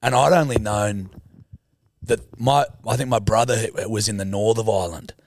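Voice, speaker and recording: A man's voice: on the low side, normal speed, vocal fry, no room sound, studio quality. A young Australian man hosting a podcast, telling a story in casual chat and slipping into put-on voices. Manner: animated, slips into put-on voices. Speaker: podcast host.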